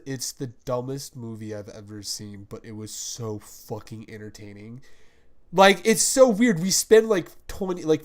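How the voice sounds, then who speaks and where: A young man hosting a casual podcast chat, rambling, swearing freely and breaking into impressions. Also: medium pitch. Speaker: podcast host.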